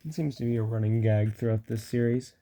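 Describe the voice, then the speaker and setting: A man's voice: mid-range voice, fairly even intonation, fairly quick, dark tone, slight background noise. A man reading a children's storybook aloud, casual, with joking asides and small stumbles. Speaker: storybook reader.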